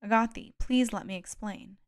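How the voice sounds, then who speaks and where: A woman's voice: mid-range voice, normal speed, lightly acted. A woman voicing an actress who pleads earnestly with a hurt friend, read from an audiobook. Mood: pleading.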